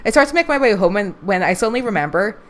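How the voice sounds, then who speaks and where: A woman's voice: mid-range voice, animated, fast talker. A woman streaming a dating game, reading its text aloud and joking with frequent laughs and casual swearing.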